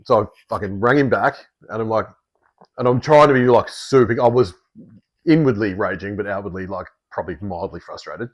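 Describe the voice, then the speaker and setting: A man's voice: lowish voice, fairly quick, highs cut off. Australian man telling a story. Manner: animated storytelling, swears freely. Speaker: podcast host. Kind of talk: casual chat.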